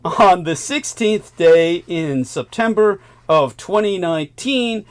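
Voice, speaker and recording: A man's voice: sits high, lively intonation, takes it slowly. A male host delivering a long current-affairs monologue, emphatic, with sardonic asides and chuckles.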